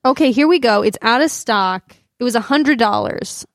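A woman's voice: fairly high pitch, animated, normal speed, dry recording, studio quality. A woman co-hosting a podcast, playful and laughing often in casual chat. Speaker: podcast co-host.

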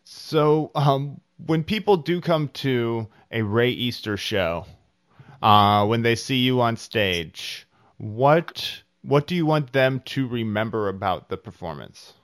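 A male podcast host asks his guest questions in a relaxed, joking way. His voice is smooth and clear, and the recording is dry and close. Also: mid-range voice, slow pace, no room sound. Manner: easygoing, jokey questioning. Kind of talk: casual interview chat.

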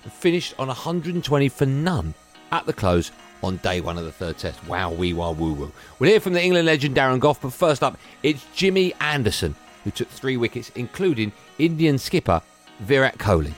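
A man's voice: mid-range voice, very animated, brisk, faint music behind. A man reading a radio sports bulletin in a jokey, playful way. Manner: playful, drifts into silly put-on accents. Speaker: sports news presenter.

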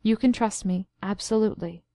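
A composed, soothing male doctor, as a woman reads him in an audiobook. He speaks in a smooth, measured way, with a dry, close sound. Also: mid-range voice, dark tone, dry recording, natural voice. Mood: reassuring. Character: calm, reassuring male doctor, quietly scheming.

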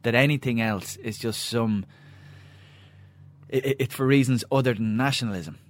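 A man's voice: medium pitch, normal speed. A man making an earnest argument as a guest on a casual football podcast.

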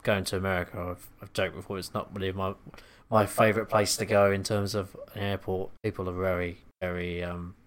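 Low-voiced man chatting easily. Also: flat delivery, a little fast, few pauses. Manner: easygoing, chuckles often. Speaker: podcast co-host. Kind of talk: casual chat.

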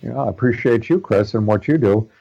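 A man's voice: lowish voice, animated, fairly quick, gravelly, husky, lo-fi sound. A middle-aged man talking casually as an interview guest, rambling with many fillers and restarts. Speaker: guest, practitioner studying naturopathy.

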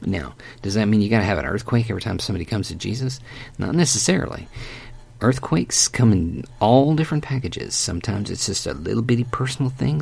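A man preaching a conversational sermon, animated and emphatic, with folksy asides as he walks through a Bible passage. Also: medium pitch, creaky, breathy edge.

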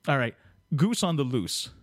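A man's voice: medium pitch, dry recording, studio quality. A man from Canada co-hosting a podcast, joking and teasing with many fillers. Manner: jokey, teasing, full of fillers. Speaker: podcast co-host. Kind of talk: comedic podcast banter.

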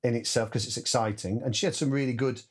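A man's voice: medium pitch, fast, husky. A man, a musical director chatting casually as a guest and acting out voices and sounds in his stories. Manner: animated storyteller, acts out voices and sounds. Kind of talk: casual anecdotal chat.

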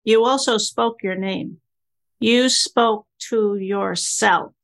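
A woman's voice: mid-range voice, slow, creaky. A woman hosting a casual podcast, chatty and emphatic, affirming her guest. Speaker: podcast host.

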